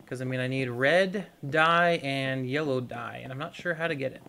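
A man's voice: medium pitch, normal speed, creaky, sharp tone. A young man casually commenting on his gameplay, rambling and talking to viewers as he plays. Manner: rambling, talks to viewers while playing. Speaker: gaming YouTuber. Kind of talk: casual let's-play commentary.

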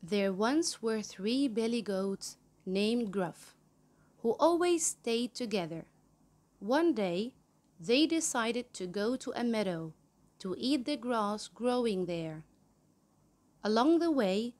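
A woman reads a children's picture-book story aloud, taking each phrase slowly and clearly. Her voice sits fairly high, and she is in no hurry at all. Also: a little mellow. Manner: slow, clear storybook reading. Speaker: storyteller host of the channel.

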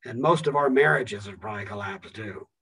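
Husky-voiced man giving a lecture. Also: fairly low pitch, brisk, bright, forceful tone, recorded from a distance, rough recording. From Philadelphia, United States. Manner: emphatic, keeps checking in with "okay?". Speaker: museum guest lecturer. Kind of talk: public lecture. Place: museum lecture room.

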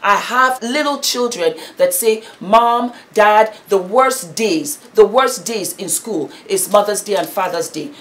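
A middle-aged British woman giving impassioned, emphatic commentary, preachy and repeating her points. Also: medium pitch.

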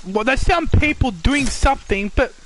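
A man giving excitable live gameplay commentary, swearing and shouting at the characters on screen. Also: very high voice, normal speed, a little hiss or hum. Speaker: gamer.

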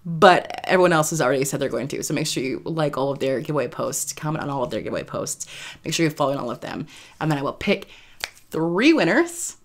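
A woman chats loosely to her viewers, wandering from one thought to the next and breaking into little giggles. Her voice sits a touch lower than most women's. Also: lively intonation, quick pace, a little hiss or hum. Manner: rambling and giggly, laughs often between phrases. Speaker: YouTube creator. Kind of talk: casual vlog talk to viewers.

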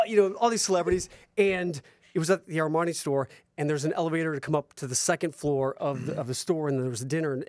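A man, a guest on a talk show, telling self-mocking anecdotes in an animated, casual way. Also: fairly high pitch, no echo. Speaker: guest actor turned real estate investor.

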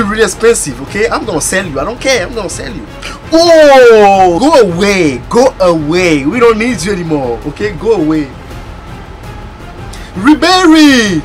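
A man with a very high voice gives gaming commentary as he opens packs. He is excitable and bursts into loud exclamations, with his pitch leaping all over. Between the outbursts his delivery is unhurried, with soft music behind him. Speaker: gaming YouTuber. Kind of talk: pack-opening gameplay commentary.

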